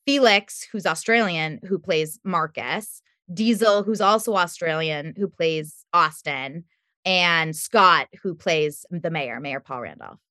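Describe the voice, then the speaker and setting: A woman guest on a podcast interview, telling lively stories about making her show and laughing often. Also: sits low, slow, dry recording, studio quality. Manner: animated storytelling, laughs often.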